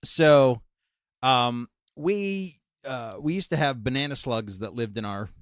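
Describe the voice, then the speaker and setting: A man co-hosting a casual podcast, telling a profane, animated story with laughs. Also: medium pitch, slow pace, dry recording, clean studio sound. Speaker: podcast co-host.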